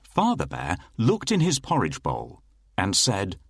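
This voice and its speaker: A man narrating a children's fairy tale in a slow, expressive storytelling manner. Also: low voice, gravelly, breathy edge, dry recording, clean studio sound.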